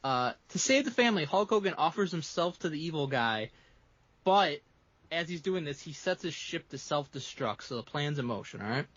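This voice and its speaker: High, lively podcast man recapping a movie. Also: moderate pace, no room sound, lo-fi sound. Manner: profane, laughing recap storyteller. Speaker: podcast co-host recapping a film. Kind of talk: casual podcast chat.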